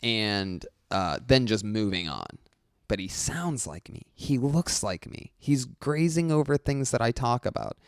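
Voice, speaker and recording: A male comedian telling a story as a podcast guest, animated, profane and exasperated. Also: mid-range voice, a little slow, smooth, no room sound, clean studio sound.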